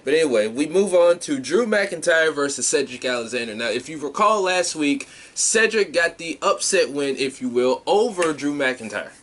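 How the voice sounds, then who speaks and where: A man's voice: fairly high pitch, lively intonation, moderate pace, hardly any pauses, fairly bright tone. A man co-hosting a podcast, chatting bluntly and casually about a wrestling show. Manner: laid-back, blunt, swears casually. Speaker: podcast co-host. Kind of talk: casual wrestling recap chat.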